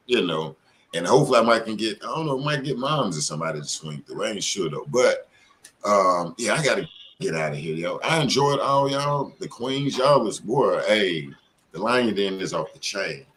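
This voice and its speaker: Slangy, low-voiced male stream host. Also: expressive, normal speed, a bit bright, slight background noise. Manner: loose, slangy, profane, rambling. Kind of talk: casual live-stream chat.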